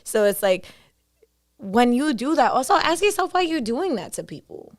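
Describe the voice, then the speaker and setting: A woman's voice: on the high side, moderate pace. Candid, profane woman in casual chat. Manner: candid, profane, animated self-talk. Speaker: podcast guest.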